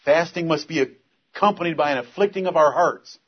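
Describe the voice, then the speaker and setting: A man with a somewhat high, husky voice preaches with earnest conviction, building force as he reads scripture aloud. The recording sounds dull and lo-fi. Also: a little fast. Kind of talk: sermon.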